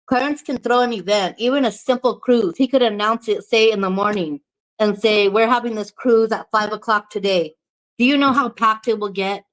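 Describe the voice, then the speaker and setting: A woman's voice: medium pitch, normal speed, low-quality recording. A woman vlogger from New Mexico chatting casually to the camera, candid, swearing freely and laughing often.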